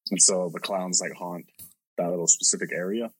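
A man with a low, slightly husky voice tells a story in a loose, rambling way, swearing freely and leaning on "like" between thoughts. The sound is dry and close, with little room around it. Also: steady tone, a little fast, no room sound, poor audio. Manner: rambling, profane, lots of "like". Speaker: podcast host. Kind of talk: casual storytelling.

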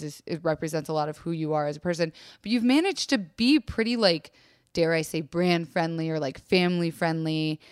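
A woman's voice: lowish voice, smooth, dry recording. A woman hosting a podcast, bawdy and joking, asking long rambling questions close to the microphone. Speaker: podcast host. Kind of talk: casual podcast interview.

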